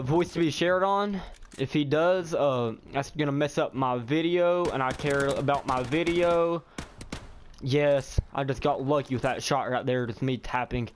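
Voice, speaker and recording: An excitable young man talks through his match in a loose, rambling way, repeating exclamations when things heat up. His voice sits a little high, and faint game gunfire runs beneath it. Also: slight background noise. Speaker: gaming YouTuber. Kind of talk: live gameplay commentary. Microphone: headset or desk mic.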